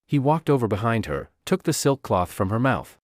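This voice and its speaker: A man giving expressive scripted narration of a novel. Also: medium pitch, moderate pace, no echo, clean studio sound.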